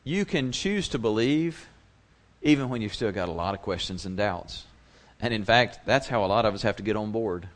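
A man's voice: on the low side, animated, normal speed. A male pastor preaching a sermon in a conversational way, slipping into the voices of the people he quotes.

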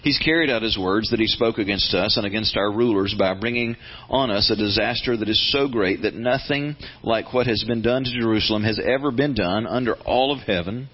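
An American man preaching a sermon and reading scripture, talking earnestly and conversationally, then building to animated emphasis. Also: lowish voice, a little fast, husky, lo-fi sound. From United States. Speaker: pastor.

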